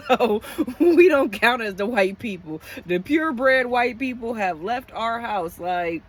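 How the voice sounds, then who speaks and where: A middle-aged woman venting frankly in a casual, rambling chat to camera, lying down inside her parked truck. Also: slightly rough. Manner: rambling, frank, with frequent restarts and swings in pitch. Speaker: vlogger living in her truck.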